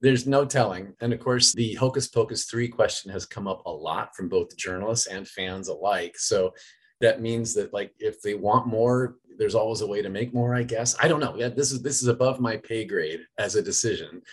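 Husky enthusiastic middle-aged man. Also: fairly low pitch, normal speed. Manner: enthusiastic, laughing fan talk. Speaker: actor being interviewed. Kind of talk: casual interview answers.

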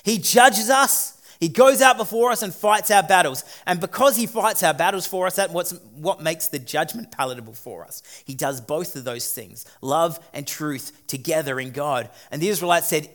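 A pastor preaching a sermon, moving between quiet reflection and loud emphatic points. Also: male voice, a little high, normal speed, hardly any pauses. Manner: dynamic, swings from quiet to emphatic.

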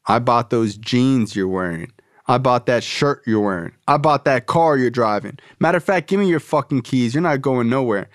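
A man's voice: medium pitch, expressive, normal speed, dry recording, clean studio sound, close to an everyday voice. A man voicing his angry, controlling father, who rants bitterly and swears. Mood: ranting.

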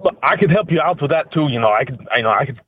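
A man's voice: fairly high pitch, animated, fast, breathy edge, no room sound. A male caller doing an impression of a famous bodybuilder-actor: boastful, over a phone line. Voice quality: thick put-on accent, bragging. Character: boastful musclebound Austrian-accented action star impression, male.

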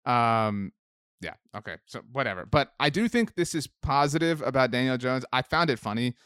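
A man's voice: medium pitch, expressive, normal speed, a bit bright, clear, resonant tone, no room sound, clean studio sound. A man co-hosting a podcast, chatting casually about football with easy laughs and rambling asides. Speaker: podcast co-host. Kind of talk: casual sports chat.

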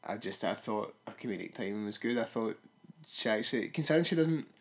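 A man's voice: on the low side, animated, quick pace. A man co-hosting a podcast, chatting about a film in a wry, blunt manner. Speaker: podcast co-host. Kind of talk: casual film review chat.

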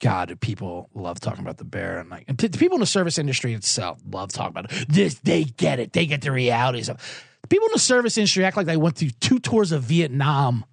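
A man's voice: mid-range voice, creaky, no room sound, clean studio sound. A man hosting a sports betting podcast, rambling through sarcastic, profane comedic riffs. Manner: rambling, sarcastic, swears a lot.

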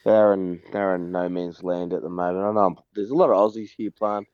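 A relaxed, chatty man, talking casually down a phone line. His voice sits a little low. The sound is dry and dull. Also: a little fast, clean tone, no room sound. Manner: relaxed, chatty, mimics people in his stories. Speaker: golfer calling in as guest. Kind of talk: casual chat on a phone call.

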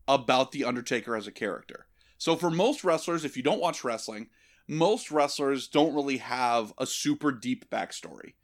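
A man hosting a casual comedy podcast, telling a story with lots of swearing, laughter and put-on voices. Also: mid-range voice. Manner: animated, profane, laughing storyteller.

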